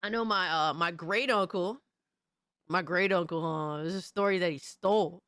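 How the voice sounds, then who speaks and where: A woman hosting a casual livestream, talking to her chat in a profane, animated, slangy way. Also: on the low side, normal speed, clear, resonant tone, dry recording, clean studio sound. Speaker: livestream host reading chat.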